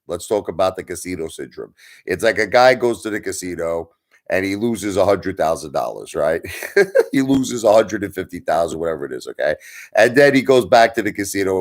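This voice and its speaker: A man's voice: low-pitched, lively intonation, normal speed. A man hosting a livestream, ranting bluntly at his viewers, swearing and mocking them. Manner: blunt, swearing, mocks viewers in put-on voices. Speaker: livestream host.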